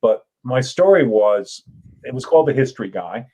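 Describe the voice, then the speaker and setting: Older male guest, animated storyteller who acts out voices. Average pitch. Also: moderate pace, low-quality recording. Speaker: author and guest. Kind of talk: casual storytelling.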